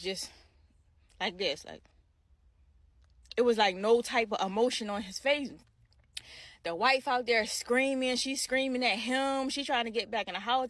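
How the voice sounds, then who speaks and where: Woman vlogger retelling drama, acts out the yelling, talks to the viewers, fairly high voice, dry close mic. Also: no room sound. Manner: dramatic retelling with shouted quotes, addresses viewers directly. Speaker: vlogger telling a story. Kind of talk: casual storytime vlog.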